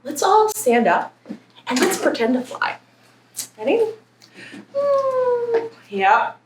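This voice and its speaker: At a branch library story time, a woman librarian reads a picture book aloud and talks playfully with young children. Her voice is very high with huge pitch swings and a slow pace, picked up by a distant mic with roomy echo and faint hiss.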